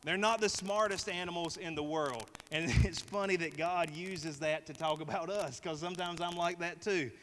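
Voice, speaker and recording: High, bright-voiced preacher man. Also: moderate pace, hardly any pauses. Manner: emphatic, repeating phrases, leading the congregation. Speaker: pastor. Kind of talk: sermon. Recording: reverberant hall with faint noise.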